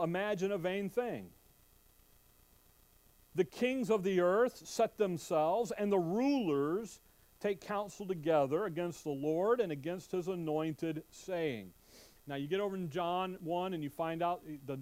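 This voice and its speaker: A man's voice: high-pitched, unhurried. A man preaching an expository Bible sermon, reading scripture aloud and quizzing his listeners with questions. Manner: animated, quizzing the congregation with questions; reads scripture aloud in King James wording.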